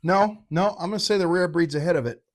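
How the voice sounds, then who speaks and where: Speaking fast in a high-pitched voice, a middle-aged man gives a loose, wandering whiskey review. He's irreverent throughout and keeps making jokes at his own expense.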